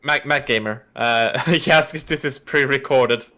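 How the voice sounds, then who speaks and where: A man's voice: mid-range voice, normal speed, sharp tone. A man co-playing a game on a stream, explaining gameplay in a laid-back, casual way. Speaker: co-player guest. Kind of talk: casual gaming chat.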